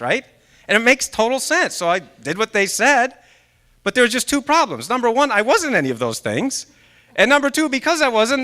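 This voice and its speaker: A man's voice: high voice, pushed and bright. A man in his forties from Maine, a guest speaker giving a motivational talk at a church service. He tells his story with animation, acts out his own inner voice, and draws the audience in with questions. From Maine, USA. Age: 40s. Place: church sanctuary during a live service.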